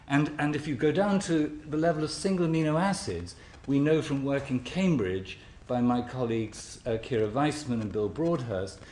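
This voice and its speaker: A scientist giving an academic lecture in a stop-start way, often repeating words, with dry wit. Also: male voice, medium pitch, darkish tone. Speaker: scientist giving a symposium talk. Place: lecture hall. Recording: echoey lecture hall.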